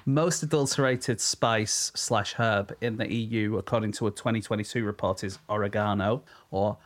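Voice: mid-range voice, steady tone, normal speed. A co-host in a casual chat who reacts with curious questions and frequent laughs. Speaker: podcast co-host.

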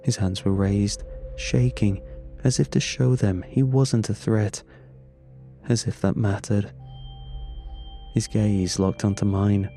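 A man narrating a first-person horror story in a measured, grim manner. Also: fairly low pitch, steady tone, mellow. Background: faint music.

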